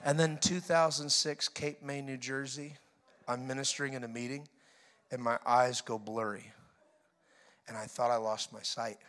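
Bright-voiced, animated male preacher. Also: medium pitch, moderate pace. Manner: animated storytelling, mimics laughter. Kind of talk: sermon.

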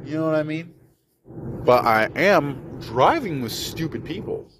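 A man's voice: fairly high pitch, sing-song, unhurried. A young man from Michigan telling a story on his casual solo podcast, rambling, profane and mocking, partly while driving. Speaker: podcast host. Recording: noisy background ambience.

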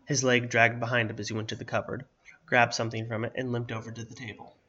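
Guy reading a fantasy story, steady even pace, bright voice, bit muffled sound. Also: mid-range voice, fast.

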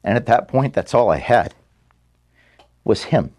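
A man giving a farewell address to his staff, filmed in an office room. He is close to tears and halting, and he stops to apologize as he speaks. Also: medium pitch, lively intonation, a little mellow. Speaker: organization founder giving a farewell speech to staff.

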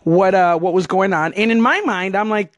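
Male podcast host, high voice, animated and chatty, laughs often, dry recording. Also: moderate pace, dry recording. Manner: animated, chatty, laughs while telling stories. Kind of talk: casual storytelling chat.

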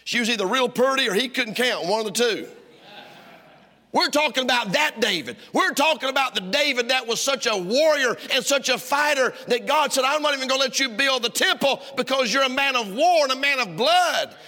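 A middle-aged pastor delivers a sermon in a church sanctuary, his voice high and bright. He swings between loud, driving lines and hushed ones, and the hall gives his words a long echo. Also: animated, a little fast.

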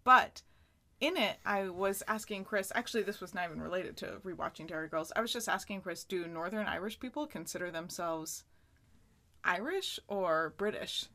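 A woman's voice: mid-range voice, expressive, moderate pace, bright, forceful tone. A woman in her thirties co-hosting a podcast, chatting casually and laughing often. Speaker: podcast co-host. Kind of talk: casual chat.

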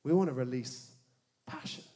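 A man preaching a sermon, animated, with joking asides and dramatic hushed emphasis on key words. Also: mid-range voice, normal speed. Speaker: pastor.

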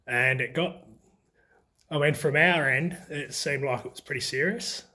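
A middle-aged man with an Australian accent, telling stories from his football days in a relaxed interview, often laughing as he talks. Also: a little high, a little slow. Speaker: former country footballer. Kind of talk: casual storytelling interview.

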